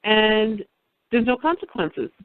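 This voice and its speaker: A male caller with a notably high voice presses the same point insistently. His voice comes through a thin, dry phone line. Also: big pitch swings, slow pace, dry recording.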